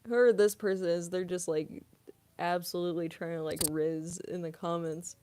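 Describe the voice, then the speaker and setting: A woman's voice: on the low side, steady tone, moderate pace, mellow, smooth. A young woman, a voice actress, chatting casually on a live stream, giggling often and cooing at her cat.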